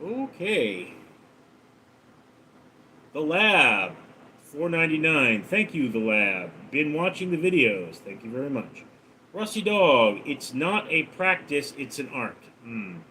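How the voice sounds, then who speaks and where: A man hosting a livestream, reading chat messages aloud with deadpan jokes and sudden deep drops for punchlines. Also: takes it slowly, a little hiss or hum. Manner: deadpan, jokey, dips into a deep gravelly voice for punchlines; sings snatches of song in a high voice.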